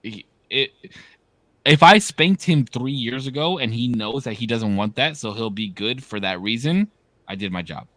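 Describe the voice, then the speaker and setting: A man's voice: medium pitch, normal speed, dry recording. A man in his thirties, co-hosting a podcast and telling stories in casual, slangy, profane chat. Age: 30s. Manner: animated storyteller, slangy and profane. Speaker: podcast co-host.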